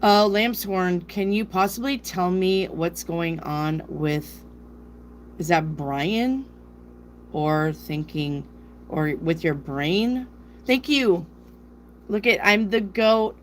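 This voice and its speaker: Slow-talking tarot reader woman, northern US accent. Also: fairly low pitch, a little hiss or hum. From South Dakota. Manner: chatty, rambling, reads viewer questions aloud. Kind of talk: live-stream chat with viewers.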